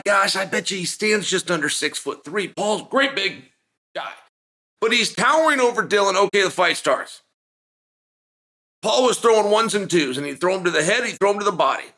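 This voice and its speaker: A middle-aged man giving a casual, energetic breakdown of a fight from a closet at home, repeating phrases for emphasis. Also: high voice, normal speed. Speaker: podcast host and fight analyst.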